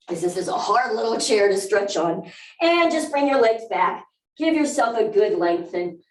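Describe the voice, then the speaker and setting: A woman with a Southern US accent leading a barre workout, coaching upbeat with whoops and counts. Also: fairly high pitch. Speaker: barre fitness instructor. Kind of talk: live workout instruction. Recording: roomy, from a distance.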